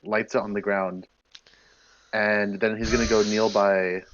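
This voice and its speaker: A man's voice: on the low side, little pitch movement, a little slow, highs cut off, noisy background. A man playing a tabletop game, describing his character hesitantly with many fillers and polite apologies. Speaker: player.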